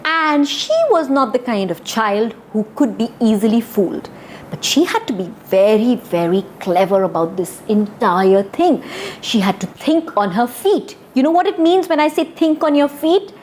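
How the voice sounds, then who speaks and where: A woman telling a children's story interactively, animated, talking straight to the kids with gasps and dramatic pauses. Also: a little high, slight background noise.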